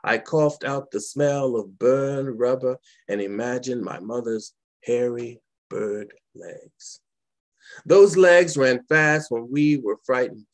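A man, a poet, reading his poems aloud in a slow, dramatic, deliberate way with long pauses. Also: mid-range voice. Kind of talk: poetry reading.

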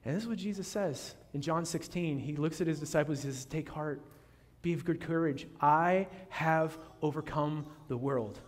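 A man preaching in a church sanctuary with a fairly high voice for a man. His delivery is dramatic, rising to loud proclamation and dropping to a hush. Long reverb from the hall trails every phrase. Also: moderate pace. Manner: dramatic, swings between loud proclaiming and hushed near-whisper. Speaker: pastor. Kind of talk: sermon.

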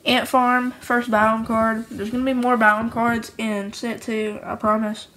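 A woman's voice: on the high side, level tone, unhurried, a bit bright, slight background noise, low-quality recording. A woman who makes her own card game, casually and cheerfully going through each card, rambling and often restarting her sentences. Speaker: homemade card game creator.

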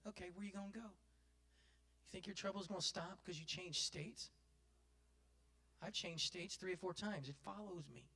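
Man, pastor, fiery folksy sermon, high-pitched. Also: normal speed, pauses often. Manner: folksy preaching, building to loud impassioned cries.

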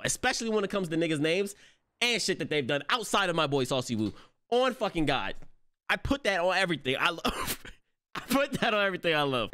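A young man hosting an anime reaction video, talking in excitable, slangy, profane bursts, often laughing and yelling. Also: a little high, dry recording. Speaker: anime reaction channel host.

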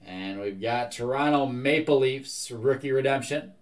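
Running a live card break, this young man briskly calls out card after card at a steady clip. In between, his middle-pitched voice keeps the conversation easygoing and talkative.

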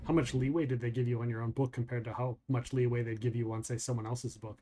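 A man's voice: mid-range voice, fairly even intonation, fast, mellow. A man hosting a podcast interview, asking curious, eager questions. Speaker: podcast host. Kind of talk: casual interview chat.

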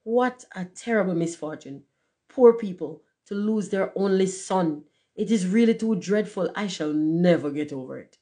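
A woman's voice: lowish voice, expressive, normal speed, mellow, pitched above the performer's own voice, natural voice. Woman reading as a stuck-up firework rocket, haughty and self-pitying, storybook voice. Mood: indignant. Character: pompous, self-important male firework rocket.

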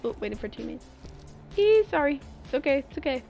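A woman's voice: high voice, sing-song, a little fast, vocal fry, darkish tone, faint music behind. A young woman streaming a game live, chatting playfully with her viewers while she plays. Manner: playful, chatty, talks to chat. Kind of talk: live gameplay commentary.

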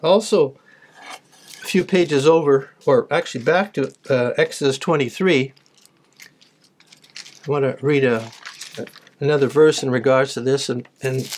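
A man's voice: medium pitch, unhurried, long pauses, darkish tone, a little hiss or hum. A man giving a sermon, reading Bible verses aloud and then explaining them in plain words. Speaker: preacher.

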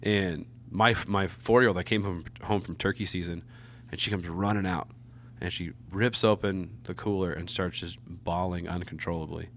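A man in his thirties, a wild game chef, chatting as a podcast guest and telling lively stories that act out other people's voices. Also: deep voice, moderate pace, a little hiss or hum. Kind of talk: casual podcast conversation.

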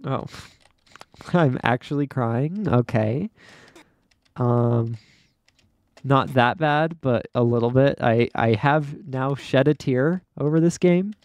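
A young adult gamer gives casual let's play commentary on an obstacle course game, dramatically exasperated and often laughing at their own struggles. The medium-pitched, darkish voice is slow with long pauses, and there's no echo.

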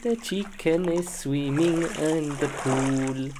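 A woman performing a comedy skit in an excitable way, often exclaiming and laughing, on a noisy recording. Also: deep voice, slow pace.

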